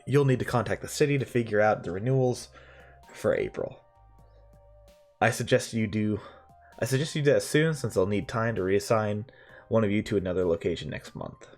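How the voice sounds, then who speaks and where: A man voicing a calm male police officer who speaks in a plain, official, matter-of-fact way. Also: lowish voice, moderate pace, soft background music.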